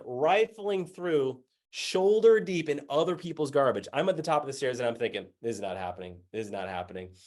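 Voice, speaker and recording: A man telling a personal story as a speaker, animated and acting out the other people's lines with voices, and laughing as he goes. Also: fairly high pitch. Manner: animated, acts out dialogue with voices.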